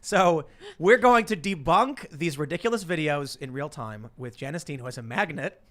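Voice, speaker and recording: A man in his thirties hosting a casual panel show, talking quickly and laughing often. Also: a little high, expressive, fairly bright tone. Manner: chatty, fast, laughs often. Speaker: podcast host. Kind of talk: casual panel talk with sponsor reads.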